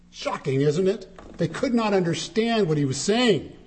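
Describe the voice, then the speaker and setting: A man delivers a sermon in an emphatic, dramatic way. His voice sits high for a man and swings widely in pitch, rising sharply whenever he quotes. It moves between soaring lines and low, quieter phrases. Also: moderate pace. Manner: animated, emphatic, dramatic shifts in pitch when quoting. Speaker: preacher.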